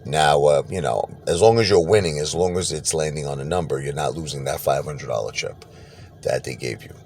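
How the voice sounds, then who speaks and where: A man telling a personal story casually, animated, laughing and acting out what people said. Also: very deep voice, brisk, slight background noise. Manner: animated, laughs and acts out quotes.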